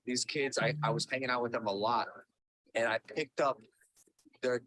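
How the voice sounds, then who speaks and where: Bright-voiced casual podcast host. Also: male voice, mid-range voice, steady tone, normal speed, no echo. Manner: loose, profane, laughs at himself.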